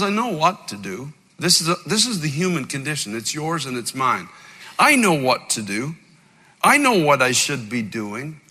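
A man preaching a sermon, impassioned, slowing and rising as he quotes scripture. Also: fairly high pitch, pushed and bright. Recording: long hall reverb.

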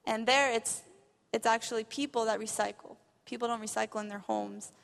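A woman's voice: on the high side, steady tone, brisk, vocal fry. Earnest young woman preaching in a hall. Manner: earnest, builds to impassioned. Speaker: missionary speaker. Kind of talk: testimony sermon. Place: church hall.

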